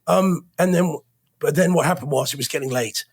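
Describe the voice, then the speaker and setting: This is an Englishman with a slightly high voice, co-hosting a casual chat show. His tone has a gravelly, husky edge, and he tells stories with a teasing streak. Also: fairly quick. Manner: chatty storyteller, teasing. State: has a cough. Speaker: podcast co-host.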